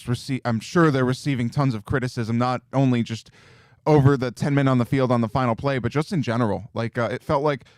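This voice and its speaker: A man's voice: medium pitch, darkish tone, clear, resonant tone, no room sound. Guy co-host, earnest, lots of uh's, mid voice, dry room. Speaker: sports show co-host. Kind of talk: casual sports talk.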